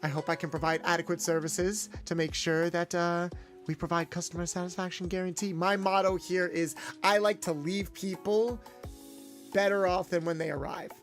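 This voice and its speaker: A man's voice: sits high, moderate pace, soft background music. A young man chatting casually with viewers on a livestream, playing up a friendly garage mechanic persona. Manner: chatty, animated, in-character garage mechanic patter. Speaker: VTuber streamer.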